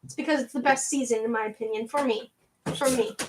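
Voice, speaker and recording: Canadian girl, ontario accent, high bubbly voice, chatting with her livestream chat. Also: steady tone, fast talker, noisy background. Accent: Canadian, southwestern Ontario. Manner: bubbly, chatty, laughs often, reads and answers chat. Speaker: livestream host.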